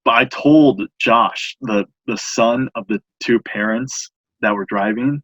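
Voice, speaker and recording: A young man casually telling a long funny story on a podcast, animated and acting out other people's lines. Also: mid-range voice, slow pace, breathy edge, no echo, muffled recording. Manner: animated, laughing storyteller acting out quoted voices.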